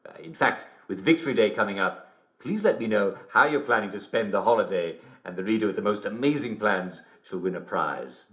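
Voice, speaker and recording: A man's voice: lowish voice, animated, brisk, highs cut off, natural voice. An actor playing a relentlessly cheery male television host, delivering theatrical scripted broadcast patter.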